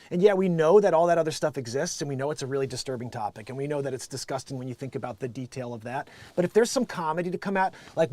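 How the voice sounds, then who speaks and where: A man hosting a live daily news-comedy show, ranting off the cuff with a loud, profane, emphatic delivery. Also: a little high, no room sound. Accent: Connecticut. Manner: loud, emphatic and profane, swings between shouting and muttering. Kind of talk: unscripted ranting commentary on news.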